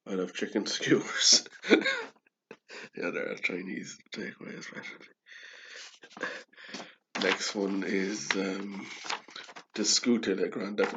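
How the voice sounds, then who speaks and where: A man's voice: deep voice, slight background noise. A man casually rambling through his own cartoons, swearing and laughing at his own jokes. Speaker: podcast host explaining his cartoons. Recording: dull lo-fi recording.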